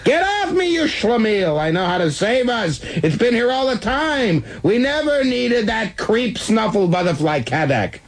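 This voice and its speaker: Brief: man playing a frantic, crowing hero, high yelling, raspy edge. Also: sing-song, unhurried, few pauses, full character voice. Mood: manic glee. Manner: shouting, frantic glee. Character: manic jubilant man, suddenly inspired.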